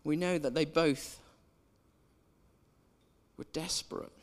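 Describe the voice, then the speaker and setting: A man's voice: fairly high pitch, fairly even intonation, takes it slowly. A man preaching a sermon in a chatty way, drawing in the congregation with questions. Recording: echoey church hall.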